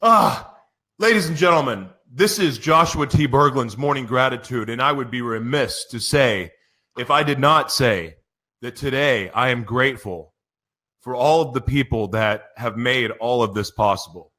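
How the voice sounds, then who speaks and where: A man's voice: mid-range voice, normal speed, bright, forceful tone. A man hosting a live radio show, giddy and emotional, stumbling over his intros with laughs. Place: broadcast studio.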